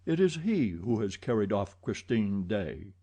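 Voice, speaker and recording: A man's voice: fairly low pitch, sing-song, measured pace, warm tone, slightly rough, heavily acted. A man voicing a self-satisfied police official in an audiobook, lecturing in a pompous tone. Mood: brisk.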